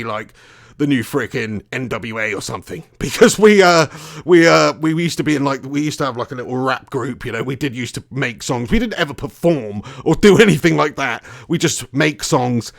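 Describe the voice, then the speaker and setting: A man's voice: mid-range voice, vocal fry. A young man, hosting a casual live stream, chatty and swearing freely, laughing often. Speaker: fan channel host.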